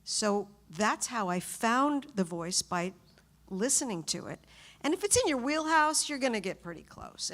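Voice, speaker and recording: A woman voice actor on a convention panel, telling stories in an animated, chatty way and acting out quotes. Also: medium pitch.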